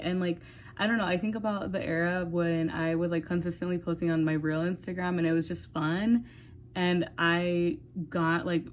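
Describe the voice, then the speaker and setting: A woman's voice: on the low side, a little hiss or hum. Candid young woman rambling with swears. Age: 20s. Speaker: vlogger. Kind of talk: casual talk to camera.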